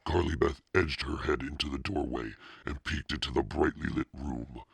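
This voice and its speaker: A man hosting a reading podcast as the devil, narrating a book slowly in a sinister persona. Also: fairly even intonation, no echo. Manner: slow, deep gravelly devilish delivery.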